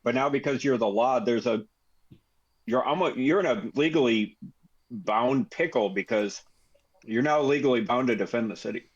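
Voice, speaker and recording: A man's voice: medium pitch, normal speed, breathy edge, lo-fi sound. A man running a tabletop game as game master, rambling and correcting himself with jokes. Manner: rambling, self-correcting, jokey.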